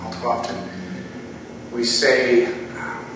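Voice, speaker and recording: A man preaching a conversational sermon, moving between casual storytelling, impassioned pleas and quiet prayer. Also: medium pitch, completely flat delivery, slow, background noise. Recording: echoey hall, distant mic, faint ambience.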